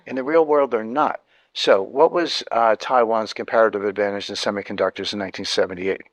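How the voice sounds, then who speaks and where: A man's voice: lowish voice, steady tone, brisk, no room sound. Emphatic man explaining economics. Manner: emphatic, repeats key points, frequent restarts. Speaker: interview guest, economic commentator. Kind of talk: explanatory interview talk.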